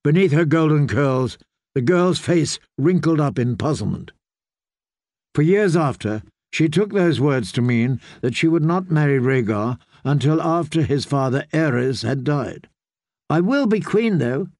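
A man reading a fantasy novel aloud in measured storytelling narration. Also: medium pitch, expressive, darkish tone, no room sound, studio quality. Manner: measured storytelling, voicing characters. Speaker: audiobook narrator.

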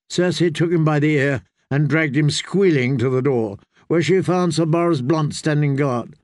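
A man reading an audiobook as narrator, in a measured, even delivery. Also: fairly high pitch, no echo, studio quality. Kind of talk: scripted narration.

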